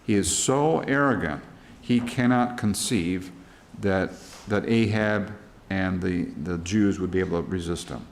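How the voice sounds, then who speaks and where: A man's voice: deep voice, measured pace, gravelly, slight background noise. A middle-aged American man leading a church Bible study, talking through worksheet questions in a plain, conversational way and retelling scripture in everyday words. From United States.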